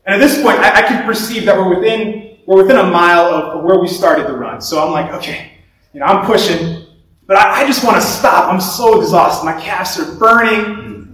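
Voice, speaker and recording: A young man giving a sermon in a relaxed, conversational way, telling stories and often restarting his sentences. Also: high voice. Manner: conversational storytelling with repeated restarts. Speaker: preacher. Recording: very echoey room, voice from far off.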